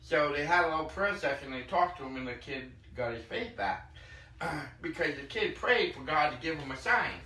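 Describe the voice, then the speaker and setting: A man tells stories in a casual, chatty way, slipping into quoted voices and clearing his throat between lines. His tone is bright and forward. He sits some way from the mic in an echoey room with a faint hiss behind him. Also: a little high, normal speed, far from the mic. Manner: retells anecdotes with lively quoted dialogue, clears throat often. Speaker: podcast host. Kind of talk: casual storytelling.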